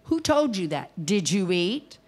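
A woman voicing God as a patient father who questions gently and calmly. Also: mid-range voice, unhurried, breathy edge. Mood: gentle.

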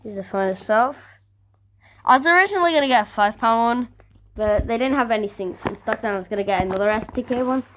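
A woman's voice: a little high, quick pace, slight background noise. A woman unboxing a new phone for her vlog, talking casually with sarcastic, grumbling asides. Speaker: vlogger.

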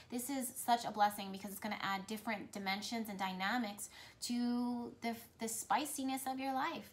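A woman speaking directly to her viewers as a spiritual reader, talking in a flowing, repetitive, earnest way. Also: medium pitch. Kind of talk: intuitive message talk to camera.

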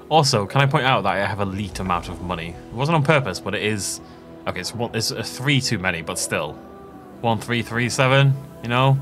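A man's voice: on the low side, animated, a little fast, a bit bright. A man giving casual, jokey let's play commentary, rambling through asides and laughing often. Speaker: gaming channel host. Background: game music.

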